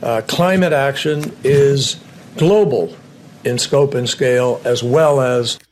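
A man's voice: mid-range voice, a little mellow, slight background noise. Man giving a formal speech. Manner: formal, grand, slow oratorical delivery. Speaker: politician. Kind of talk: press briefing speech.

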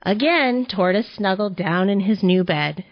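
A woman reading a children's picture book aloud for a library storytime, gentle, expressive and unhurried. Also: mid-range voice. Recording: slightly dull audio.

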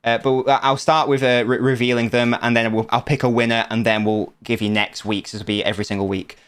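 A man's voice: mid-range voice, level tone, fairly bright tone, clear, resonant tone. Playful man hosting a quiz. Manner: playful, teasing, quick to laugh. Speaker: podcast host running a quiz. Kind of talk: casual podcast chat.

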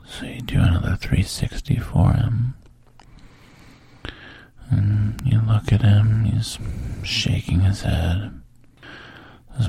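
A man telling a whispered role-play story directly to the listener, his low voice gravelly and very breathy. He speaks slowly and darkly, close to a dry mic. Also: no echo. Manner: second-person storytelling, soft and intimate. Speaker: narrator.

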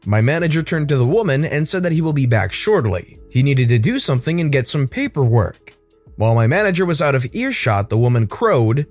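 Animated man narrating stories over soft music. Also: medium pitch, moderate pace. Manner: expressive, animated storytelling. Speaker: story narrator. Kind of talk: reading online stories aloud.

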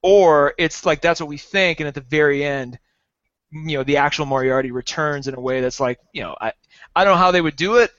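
A man's voice: on the high side, a little fast, dry recording, muffled recording. A man co-hosting a casual pop-culture chat, talking with eager enthusiasm. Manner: enthusiastic, animated. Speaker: podcast co-host.

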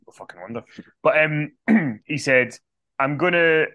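A man's voice: fairly high pitch, lively intonation, a little slow, lo-fi sound. A man co-hosting a casual wrestling podcast, chatting loosely with frequent ums and reading out quotes. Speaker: podcast co-host.

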